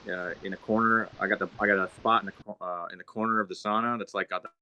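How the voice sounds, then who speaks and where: A young man hosting a podcast, telling a story in a relaxed, rambling way with lots of fillers. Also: lowish voice, quick pace, muffled recording, a little hiss or hum. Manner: laid-back rambling with many fillers. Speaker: podcast host. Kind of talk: casual storytelling chat.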